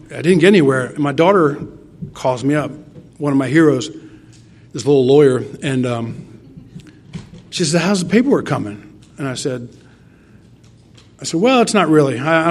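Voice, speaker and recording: A man's voice: medium pitch, slight background noise. A middle-aged man from Tennessee giving an earnest, rambling personal testimony at a recovery meeting, acting out quoted dialogue as he goes.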